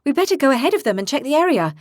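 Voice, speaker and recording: A woman voicing a sharp-tongued young female ranger in an audiobook, pitched higher than her narration, reproachful and quick. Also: very animated, dry recording, studio quality. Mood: urgent.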